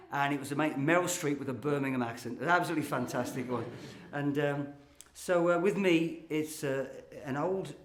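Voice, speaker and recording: An older man from England with a Midlands accent, telling a chatty story and then reciting a rhyming comic poem to a live audience. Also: medium pitch. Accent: English Midlands. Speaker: poet performer. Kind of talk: comic poetry performance. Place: small hall before a live audience. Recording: roomy hall sound.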